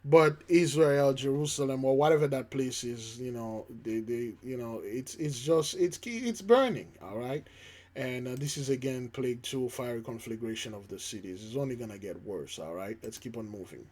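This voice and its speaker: A man's voice: medium pitch, moderate pace, a little mellow. A man hosting his own channel, giving casual spiritual commentary on the news in a rambling, emphatic way that repeats his points. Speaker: channel host.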